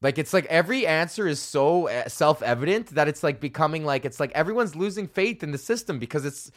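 A man's voice: on the high side, expressive, brisk. A young man, a stand-up comedian, ranting casually and sarcastically, swearing often and sounding exasperated. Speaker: podcast host and stand-up comedian.

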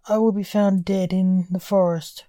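A woman voicing an ancient male reaper who scolds and sounds exasperated, with a mellow tone. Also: mid-range voice, flat delivery, unhurried, dry recording, studio quality, close to an everyday voice.

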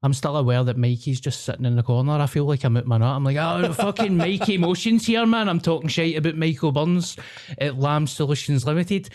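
Sweary Glaswegian podcast host, mellow voice. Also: male voice, medium pitch, steady tone, fast, few pauses. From Scotland. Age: 30s. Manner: banterous, sweary, jokey. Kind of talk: casual chat.

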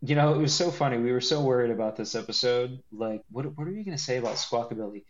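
A man co-hosting a podcast in casual chat, animated and joking, with a lot of laughing and restarts. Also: mid-range voice, fast, lo-fi sound, slight background noise. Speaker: podcast co-host.

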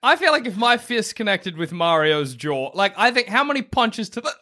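A man co-hosts a podcast while fighting off the hiccups, joking and firing off playful questions. His voice sits high and bright and swings lively in pitch. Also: moderate pace. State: has the hiccups. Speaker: podcast co-host. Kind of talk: casual chat.

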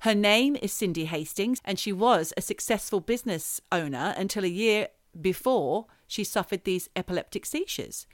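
A woman's voice: mid-range voice, expressive, normal speed, hardly any pauses, dry recording, clean studio sound. A woman co-hosting a podcast, chatting casually and telling stories in a playful way. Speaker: podcast co-host. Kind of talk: casual chat.

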